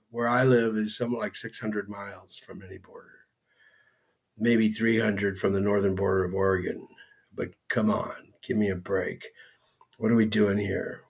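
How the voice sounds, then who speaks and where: A man from Northern California co-hosting a casual chat, telling stories with animation and acting out quotes. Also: gravelly. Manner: animated storytelling, acts out quotes in a high excited voice. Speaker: co-host. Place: home porch.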